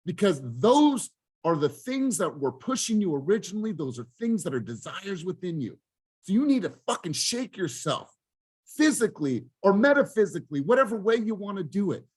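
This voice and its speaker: A man's voice: high-pitched, very animated, brisk, husky. A man leading a group coaching call, talking in a fired-up, emphatic way and swearing for emphasis. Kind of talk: motivational group coaching talk.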